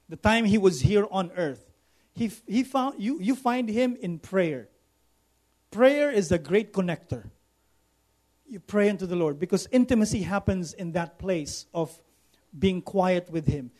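Man, high voice, preaching, emphatic repetition, calls for amen. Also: animated, measured pace, darkish tone. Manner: asks the congregation for responses. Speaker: pastor. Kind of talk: sermon.

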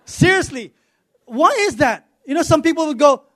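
A middle-aged Filipino pastor with a noticeably high voice preaches in a loose, conversational style. He repeats himself mid-sentence and keeps checking in with his listeners with a quick "okay?". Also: animated, fairly bright tone. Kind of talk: sermon with personal stories.

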